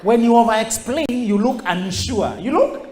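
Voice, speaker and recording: A middle-aged man giving a motivational speech to high school students and acting out the people he quotes. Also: moderate pace, some chatter behind, a little hiss or hum. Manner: animated, acts out quoted voices. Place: school hall. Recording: echoey hall.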